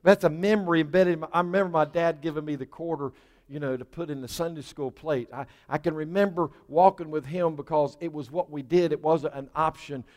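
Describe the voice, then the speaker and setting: Pastor guy preaching, chatty and folksy then getting fired up, voice a bit high, church hall echo. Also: fairly even intonation, brisk. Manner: folksy, conversational, grows fervent and louder in prayer. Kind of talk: sermon. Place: church sanctuary.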